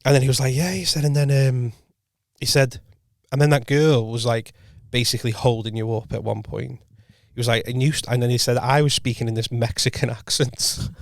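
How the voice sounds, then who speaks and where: A podcast co-host and comedian rambles through an anecdote in a podcast studio, his gravelly, medium-pitched voice a little fast with fairly even intonation on a dry mic. It's casual storytelling, full of self-corrections and quoted dialogue.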